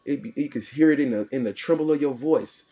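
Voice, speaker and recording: Over faint background music, a mellow-voiced man of medium pitch delivers motivational talk on his morning show. He speaks quickly, preaching in punchy, repeated lines with a call-and-response feel.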